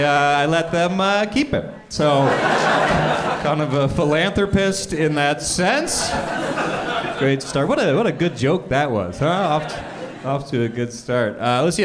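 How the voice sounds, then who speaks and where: A young man doing a stand-up set on a club stage, with a dry, self-deprecating delivery and frequent "uh" fillers. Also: a little high. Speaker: stand-up comedian. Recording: live club recording with audience noise. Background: audience laughter.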